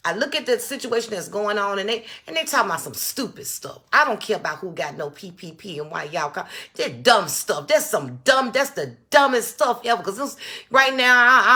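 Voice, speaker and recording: A woman with a bright, forceful voice, hosting a casual livestream from a small phone setup. She talks straight to her viewers and greets them by name. She hammers her point home by repeating phrases. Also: fairly high pitch, expressive, a little fast. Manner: emphatic, repeats key phrases for stress; addresses viewers directly, greets chatters by name. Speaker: livestream host. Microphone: phone or small setup on a stand.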